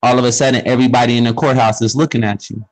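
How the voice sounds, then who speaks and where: A man in a casual group talk, explaining his views with slang and quick asides. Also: mid-range voice, level tone, poor audio. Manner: explains with questions and street slang. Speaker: speaker in a group discussion. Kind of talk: casual conversational monologue.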